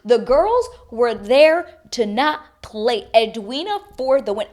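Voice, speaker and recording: A woman hosting a casual reality-TV recap, animated and opinionated, swearing freely. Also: fairly high pitch, takes it slowly, hardly any pauses. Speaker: TV recap host.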